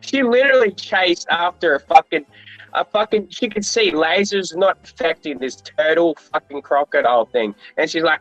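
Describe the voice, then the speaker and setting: A man's voice: a little high, lively intonation, normal speed, a bit bright, dry recording, highs cut off, soft background music. A man chatting casually, blunt and mocking, swearing constantly. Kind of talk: casual chat.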